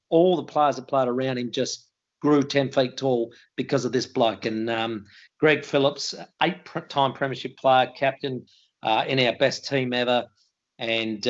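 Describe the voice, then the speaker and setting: A man's voice: mid-range voice, muffled recording. An older Australian man, a retired footballer, telling colloquial stories in a casual interview and laughing at his own tales.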